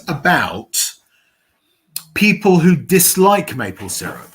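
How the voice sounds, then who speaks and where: A man's voice: medium pitch, expressive, a little slow, a bit bright. A man hosting a casual chat, playfully handing the floor to others. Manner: playful, directing the talk. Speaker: host.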